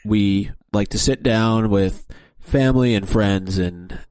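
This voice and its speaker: A man co-hosting a podcast talks in a lowish, relaxed voice. He tells a meandering side story with steady pacing and the odd "uh." The sound is dry and close to the mic. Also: slow, clear, resonant tone, no echo. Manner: steady, storytelling, a few fillers. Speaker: podcast co-host. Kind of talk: casual chat.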